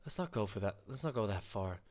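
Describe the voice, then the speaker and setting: A man's voice: lowish voice, expressive, fast, darkish tone. Wry young man streaming a game. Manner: wry, swearing asides, laughing. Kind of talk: casual commentary while playing a story game.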